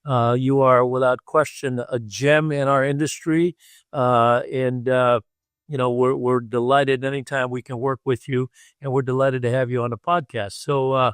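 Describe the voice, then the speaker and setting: An older man co-hosting a podcast interview, effusive in his praise and halting, with many pauses. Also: medium pitch, flat delivery, clean tone, no room sound. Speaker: podcast co-host. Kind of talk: casual interview chat.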